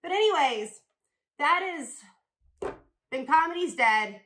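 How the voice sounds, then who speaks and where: A woman comedian rants crudely and provocatively, rambling from one jab to the next. Her voice sits high and bright, with a sharp, forward edge. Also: animated, takes it slowly. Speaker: comedian and podcast host. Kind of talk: crude stand-up rant.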